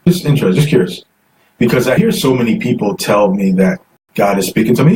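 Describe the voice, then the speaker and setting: A man's voice: lowish voice, lively intonation, fairly quick, darkish tone. A man hosting a live call-in stream, chatty and coaxing viewers to phone in while reading comments aloud. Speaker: host. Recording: distant mic, faint noise.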